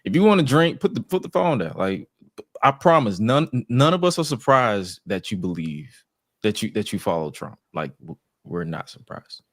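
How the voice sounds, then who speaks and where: A man's voice: fairly low pitch, very animated, moderate pace, a bit bright, dry recording, studio quality. A man co-hosting a podcast, giving wry, laid-back takes in casual chat. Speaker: podcast co-host.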